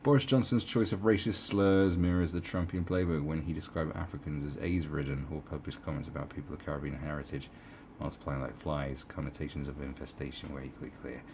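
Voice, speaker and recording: A man's voice: rumbling low, steady tone, fairly quick, hardly any pauses, a little mellow, a little hiss or hum. A man giving sarcastic, profane commentary as he reads an article aloud, with mocking asides. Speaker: online commentator.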